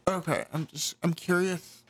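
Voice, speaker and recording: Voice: mid-range voice, fairly even intonation, moderate pace, breathy edge. A podcast co-host chatting casually, reacting bluntly and swearing often. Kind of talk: casual chat.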